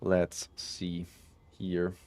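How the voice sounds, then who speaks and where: A man's voice: low voice, completely flat delivery, drawn-out words, a little mellow, slight background noise. A man casually chatting with viewers on a live stream, rambling and correcting himself as he goes. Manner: rambling, self-correcting, with frequent "um" and "like". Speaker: game streamer.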